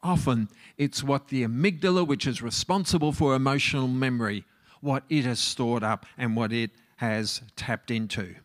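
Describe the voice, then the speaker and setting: A middle-aged man, a marriage counsellor, giving a relaxed talk and asking his audience questions. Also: medium pitch, moderate pace. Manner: conversational, asks the audience questions.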